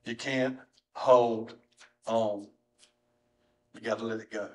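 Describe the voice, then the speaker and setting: Emotional pastor preaching. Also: male voice, steady tone, takes it slowly, low-quality recording. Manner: emotional, swings from soft low tones to high strained cries. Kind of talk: sermon. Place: church sanctuary.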